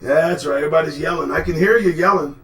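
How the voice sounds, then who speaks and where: A man hosting a live commentary show, talking in a sarcastic, profane way and swinging from low mutters to sudden shouts. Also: fast. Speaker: host.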